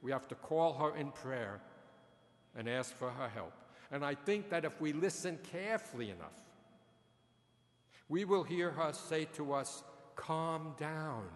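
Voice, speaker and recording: A priest preaches in a large church, his slightly high voice trailing off into a long reverb. He talks very slowly, spinning little stories and chuckling at his own punchlines. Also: expressive. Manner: slow storytelling with jokes, chuckles at own punchlines. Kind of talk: sermon.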